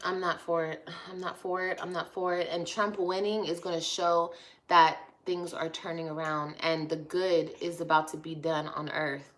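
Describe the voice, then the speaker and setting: A woman's voice: fairly low pitch, fairly even intonation, moderate pace, fairly bright tone, a little hiss or hum. A woman vlogger ranting on a livestream, blunt, profane and passionate, reading and answering viewer comments. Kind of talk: livestream rant.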